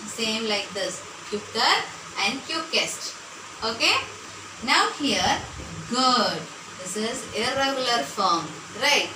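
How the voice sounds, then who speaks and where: A woman, teaching a grammar lesson to children in a patient way, repeating words slowly and checking in often. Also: sits high. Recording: echoey room, voice from far off, noisy background.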